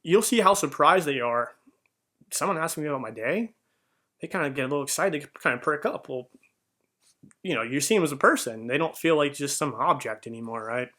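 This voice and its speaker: Young man, earnest storytelling, rambling with fillers, bright forward voice. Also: fairly high pitch, expressive, brisk. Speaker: vlogger. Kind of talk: heartfelt personal storytelling.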